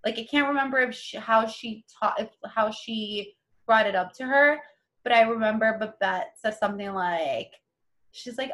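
Chatty young woman, fairly high voice. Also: normal speed. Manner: chatty, animated, acts out quotes with many "like"s. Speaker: podcast co-host. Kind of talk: casual chat about a TV show.

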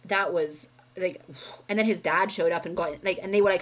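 A woman in her thirties co-hosting a podcast, telling a story in a casual, animated way, full of "like" and the odd swear. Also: lowish voice, brisk, slight background noise, low-quality recording. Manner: animated storytelling, heavy use of "like", swears freely. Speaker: podcast co-host.

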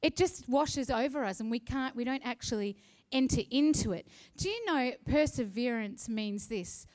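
A woman pastor preaching a sermon to her church, emphatic and building to loud, impassioned peaks. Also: a little high, lively intonation, normal speed.

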